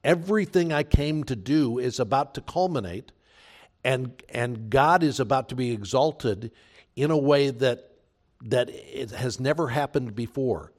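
Male pastor, mid-range voice, emphatic earnest sermon delivery. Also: medium pitch. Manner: earnest, emphatic preaching with repeated phrases.

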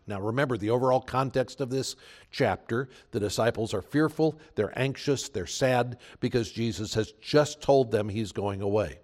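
A man's voice: mid-range voice, moderate pace, a little mellow. A man preaching a sermon as pastor, earnest and emphatic, repeating phrases for weight.

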